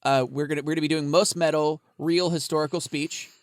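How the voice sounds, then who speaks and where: Slightly high-voiced guy hosting a podcast, rambly and swears a lot, dry close mic. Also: level tone, brisk, no echo. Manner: rambling, swearing, laughing often. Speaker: podcast co-host. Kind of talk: casual podcast chat.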